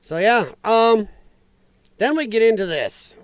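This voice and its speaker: A man's voice: sits high, lively intonation, slow pace, smooth, no echo. Guy hosting a political livestream, ranting away, voice jumps all over, dry close sound. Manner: opinionated, ranting, reacts to viewer chat. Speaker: host.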